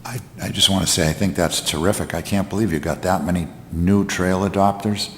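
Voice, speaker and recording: A man's voice: deep voice, fairly even intonation, fairly bright tone. A man on a town committee, speaking with rambling enthusiasm at a meeting. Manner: enthusiastic, rambling, quick bursts. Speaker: committee member. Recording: echoey room from a distant mic.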